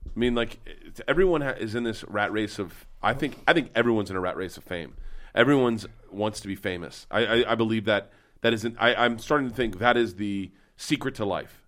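Young male co-host, low voice, rapid-fire casual joker who swears freely. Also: fairly bright tone. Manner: fast, profane, jokey anecdote teller. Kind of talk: casual comedic chat.

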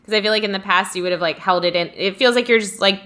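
A woman's voice: mid-range voice, fast talker, a bit bright. A young adult woman co-hosting a casual live chat, rambling and reflective, with lots of fillers. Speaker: co-host reading live comments.

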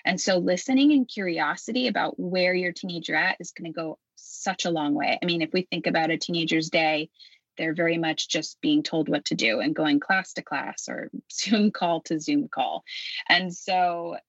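A woman with a lowish voice explains her ideas thoughtfully. Her audio sounds muffled and dead dry, with no room at all. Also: normal speed, no room sound. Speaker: parenting guest expert. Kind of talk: casual conversation.

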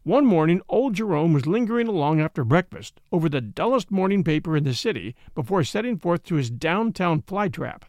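Expressive male story narrator. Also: on the high side, a little fast, hardly any pauses, no room sound, studio quality. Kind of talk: dramatic story reading.

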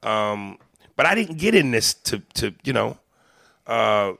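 Gravelly, husky man riffing profanely. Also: lowish voice, slow, no room sound, clean studio sound. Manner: profane, animated, riffs and acts out voices. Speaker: comedian guest. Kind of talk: casual podcast chat.

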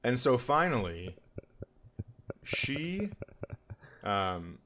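Man, comedian, crude animated storytelling, mocking impressions, casual podcast chat. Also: medium pitch, drawn-out words.

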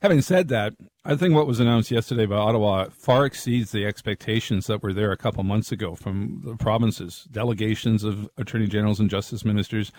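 A man giving political analysis on a talk radio show, in a measured, analytical way. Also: on the low side, a little mellow, no room sound. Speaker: political commentator.

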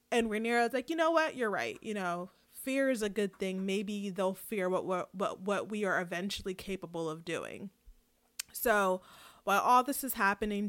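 Woman casually summarizing a TV episode. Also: mid-range voice. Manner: steady summarizing with fillers, mock-quotes characters. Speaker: co-host. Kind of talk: casual TV recap and plot summary.

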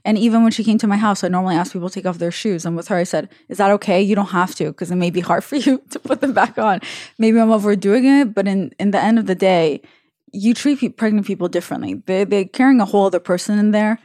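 A woman's voice: medium pitch, fast, warm tone, no room sound, studio quality. A woman hosting a casual chat show, giving frank advice and acting out dialogue from her own stories. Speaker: podcast host.

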